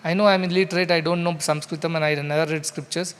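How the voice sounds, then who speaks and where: A man's voice: fairly high pitch, steady tone, quick pace, a bit bright, clear, resonant tone, lightly acted. A man voicing a poor Brahmin's wise wife. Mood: reproving. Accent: Indian English. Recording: long hall reverb.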